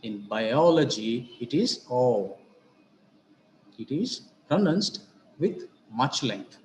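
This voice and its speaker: A man teaching grammar, moving at an unhurried pace and spelling out each example. His voice sits at an ordinary pitch. The recording sounds roomy and echoey, with faint ambience behind him. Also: a little mellow, slight background noise. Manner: deliberate, repeats and spells out examples. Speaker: English teacher. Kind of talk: slow explanatory grammar lecture.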